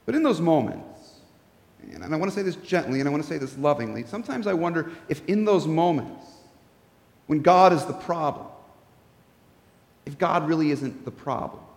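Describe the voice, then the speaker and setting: A man preaching a sermon as pastor, earnest, often restarting his words and dropping into soft asides. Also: fairly high pitch, animated, moderate pace, gravelly, pauses often, roomy sound, big-room sound.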